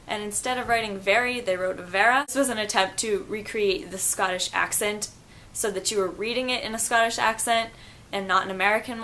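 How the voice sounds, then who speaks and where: A woman's voice: medium pitch, pushed and bright. A young woman chatting enthusiastically in a casual book review vlog, musing aloud about the story.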